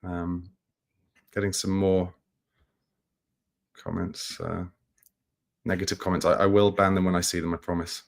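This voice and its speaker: A man hosting a football livestream, speaking in a somber, halting way with many restarts as he reads and answers viewer comments. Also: deep voice, level tone, gravelly. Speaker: football channel host. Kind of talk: live-stream chat reading viewer comments.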